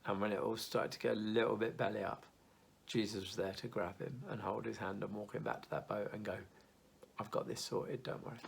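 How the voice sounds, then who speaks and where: A man's voice: fairly low pitch, little pitch movement, fairly quick, creaky, slight background noise. A young man giving an informal video devotional in an earnest, conversational, reassuring way.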